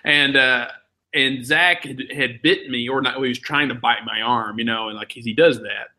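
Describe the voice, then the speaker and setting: Male podcast co-host, rambling chatty storyteller, bright tone. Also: medium pitch, steady tone, normal speed. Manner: rambling, filler-heavy storytelling. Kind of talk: casual chat.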